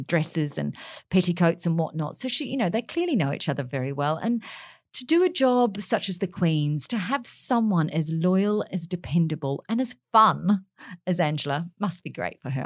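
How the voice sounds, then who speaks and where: A woman's voice: fairly low pitch, animated, moderate pace, no echo, clean studio sound. An enthusiastic, chatty woman tells royal anecdotes as a commentator on a radio chat segment. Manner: enthusiastic, chatty storyteller with frequent laughs.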